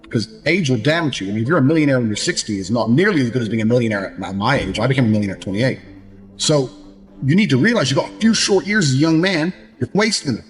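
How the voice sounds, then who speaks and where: A man's voice: mid-range voice, expressive, fast talker, a little hiss or hum. A man gives a blunt, profane motivational speech and mocks people's excuses. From England. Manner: mocks others by acting out their excuses. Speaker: motivational speaker. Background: faint background music.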